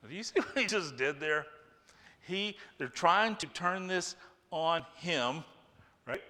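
Male pastor, lively sermon delivery, fairly high bright voice, long hall reverb. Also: slow. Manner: animated, acts out quoted voices.

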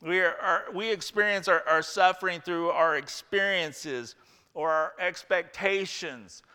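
A man preaching a sermon, emphatic and repeating key phrases, dropping to a hush and rising again. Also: high voice, measured pace, clear, resonant tone, long reverb tail. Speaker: pastor.

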